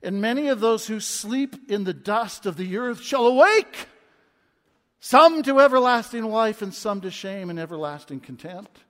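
A man in his twenties preaching a sermon as a pastor, impassioned and swinging from loud to hushed. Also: high-pitched, lively intonation, moderate pace. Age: 20s. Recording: long reverb of a large hall.

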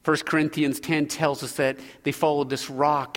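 Earnest preacher man, bright voice. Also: fairly high pitch, flat delivery, normal speed, hardly any pauses, long reverb tail. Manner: earnest, swings from loud exhortation to hushed prayer. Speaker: pastor. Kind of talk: sermon.

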